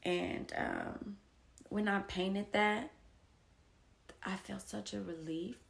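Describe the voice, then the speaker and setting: A young adult woman talking casually and from the heart to her viewers, slow and reflective, with soft whispered asides. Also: medium pitch, big pitch swings. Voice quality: gravelly vocal fry. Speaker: poet and painter sharing her story. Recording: echoey room.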